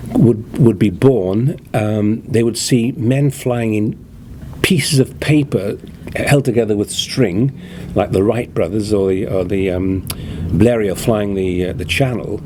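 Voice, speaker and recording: An older actor tells lively stories in a convention interview. His voice sits on the low side and sounds mellow and warm. A faint hum runs behind him. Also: slow. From England. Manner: anecdotal, animated storyteller. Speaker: guest actor.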